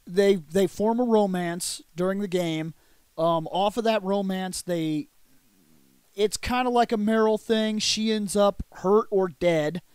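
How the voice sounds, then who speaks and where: A man co-hosting a podcast, telling a story in casual, animated chat with frequent laughs. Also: high-pitched, slow pace, clear, resonant tone, no room sound. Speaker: podcast co-host.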